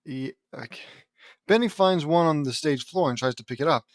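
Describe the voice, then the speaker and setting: A man's voice: on the high side, moderate pace, no room sound. A man reading a fan-fiction audiobook aloud in a casual way, breaking off for amused asides to himself. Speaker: audiobook reader.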